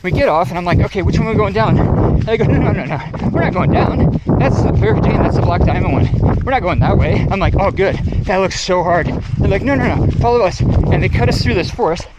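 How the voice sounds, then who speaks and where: A middle-aged man telling a lively, casual story on an outdoor trail and acting out his friends' voices. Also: high-pitched, brisk, muffled recording. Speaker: trail runner vlogger. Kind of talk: casual storytelling while running. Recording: noisy outdoor recording.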